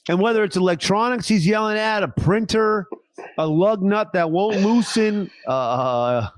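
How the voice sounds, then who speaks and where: A man's voice: high-pitched, unhurried, no room sound. Crude-joking man on a dry mic. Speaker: podcast co-host. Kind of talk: casual podcast chat.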